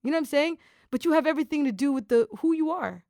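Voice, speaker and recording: A woman's voice: high-pitched, fast, no echo, clean studio sound. A woman hosting a podcast in casual chat, talking in enthusiastic bursts with lots of fillers. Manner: animated, enthusiastic, talks in bursts with many fillers. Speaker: podcast host.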